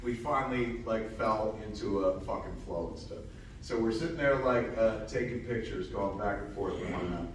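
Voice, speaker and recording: A man's voice: on the low side, moderate pace. A man telling rambling, profane stories on a convention stage in front of a live audience. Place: large convention hall with an audience. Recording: echoey hall, distant mic, loud noise.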